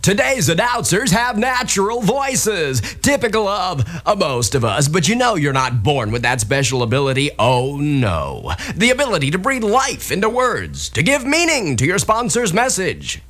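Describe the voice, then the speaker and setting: A pompous radio announcer in a spoof ad, all booming emphasis. His bright, sharp voice sits high and swoops wildly up and down as he hams up every line. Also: wildly swooping pitch, normal speed, few pauses, exaggerated voice. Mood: hammy. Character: pompous cheesy adult male radio announcer selling a course. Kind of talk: comedic spoof ad.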